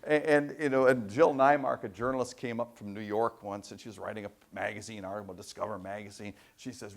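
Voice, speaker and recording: A man giving a university lecture, telling anecdotes in an animated way with frequent restarts. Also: on the low side, fairly quick, creaky, hardly any pauses. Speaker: professor giving a guest lecture.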